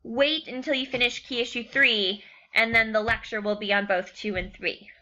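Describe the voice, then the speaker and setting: A woman's voice: on the high side, steady tone, normal speed, pushed and bright, highs cut off. A young woman teacher giving a recorded class lecture, chatty and casual, often checking in with "okay". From United States.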